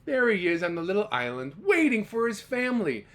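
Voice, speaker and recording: A man reading a children's picture book aloud, animated and stopping to ask the young listener questions. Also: sits high, fairly quick. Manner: animated, asks the listener questions, gasps and exclaims. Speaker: children's storyteller.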